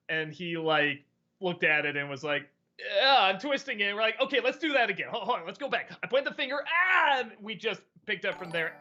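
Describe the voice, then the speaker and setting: Man, host, bright slightly high voice, casual rambling chat, laughs a lot, dull lo-fi audio. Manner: relaxed, rambling, laughs often. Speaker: host of a weekly Q&A stream. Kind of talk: casual chat answering viewer questions.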